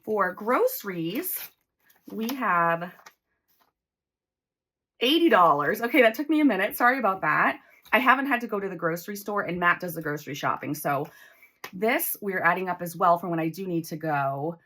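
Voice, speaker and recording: A woman in her forties talking casually while counting cash into envelopes, chatty and excitable. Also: fairly low pitch, normal speed. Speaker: budgeting vlogger.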